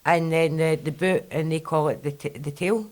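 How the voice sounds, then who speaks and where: A Scottish woman with a mixed Fife and West Coast accent, hosting a casual podcast chat and telling animated stories. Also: deep voice, normal speed. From Scotland. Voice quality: chatty, animated storyteller. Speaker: podcast host.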